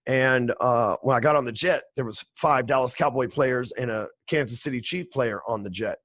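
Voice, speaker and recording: A man's voice: medium pitch, moderate pace, fairly bright tone, no room sound. A man in his forties, a podcast guest telling stories in a brash, profane, streetwise way. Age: 40s. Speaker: podcast guest, sales trainer. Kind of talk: casual storytelling interview.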